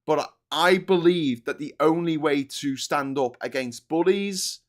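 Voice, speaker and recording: A man's voice: fairly high pitch, unhurried. A man hosting a political livestream, ranting angrily with heavy swearing and frequent restarts. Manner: angry, profane, ranting with restarts. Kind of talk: heated political commentary.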